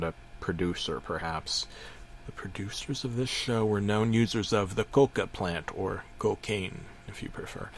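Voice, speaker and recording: A man's voice: on the low side, fairly bright tone, slight background noise. A middle-aged man narrating a parody horror story in a mock-serious way, stumbling over his words. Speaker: creepypasta narrator.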